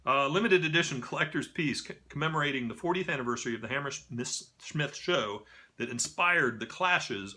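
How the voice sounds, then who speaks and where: Man presenting record store releases, bright and forward tone, average pitch, casual reads with wry jokes. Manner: reads listings with wry asides and self-mocking stumbles. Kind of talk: casual scripted product rundown.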